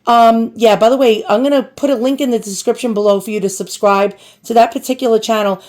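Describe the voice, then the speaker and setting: A woman's voice: a little high, steady tone, brisk, darkish tone. A woman with a New York accent hosting a casual show-and-tell vlog, chatty and self-deprecating, addressing her viewers directly. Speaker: antiques collector and channel host.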